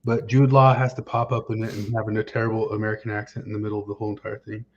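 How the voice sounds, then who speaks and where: A man's voice: on the low side, little pitch movement, racing, slight background noise. Rambling man on a lo-fi podcast mic. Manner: rambling, searches for names with many fillers. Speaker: podcast host. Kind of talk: casual chat. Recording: dull lo-fi sound.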